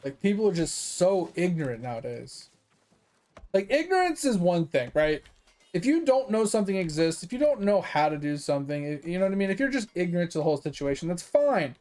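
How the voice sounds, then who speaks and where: A man's voice: high-pitched, a little mellow. A man streaming games while telling a story, chatty and full of swearing as he rants. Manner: profane, fired-up storytelling; chatty, with many fillers. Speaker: gaming streamer. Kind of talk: casual livestream rant.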